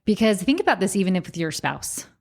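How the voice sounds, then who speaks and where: Woman homeschool coach chatting on a podcast, animated, acts out little scenes. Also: mid-range voice, fast. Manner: enthusiastic, acts out quoted dialogue. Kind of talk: casual podcast interview.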